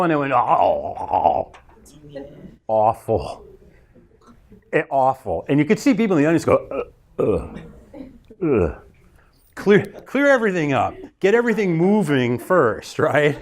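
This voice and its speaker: A male instructor speaks to a classroom about voice warm-ups, breathing and relaxing before a talk. His pitch jumps up and down as he explains, and he acts out the sounds he describes. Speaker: continuing education instructor.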